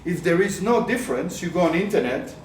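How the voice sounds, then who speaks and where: A man's voice: high-pitched, animated, brisk, far from the mic, a little hiss or hum. A man giving a live coaching talk to a group, questioning the audience often and mixing in words of another language. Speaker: business coach. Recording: echoey room, voice from afar.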